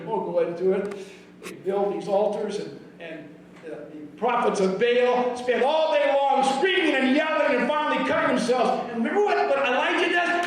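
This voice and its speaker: High-voiced preacher in an echoey hall. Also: male voice, moderate pace. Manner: animated storytelling, often shouting quotes. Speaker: pastor. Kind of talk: sermon. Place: church sanctuary. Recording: very echoey hall, mic from far off.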